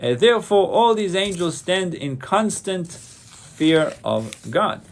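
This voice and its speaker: A man's voice: sits high, sing-song, takes it slowly. A man, a rabbi, giving a Torah lecture, saying Hebrew terms and then translating them, often repeating a phrase to stress it. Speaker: rabbi teaching a class.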